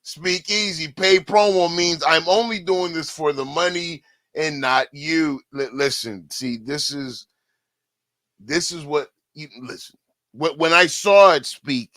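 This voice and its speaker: A man talks in a high, bright voice, rambling through casual live-stream commentary. He swears freely and keeps cutting in with "listen". The sound is close and dry. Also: dry recording. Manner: profane, repetitive, keeps saying "listen".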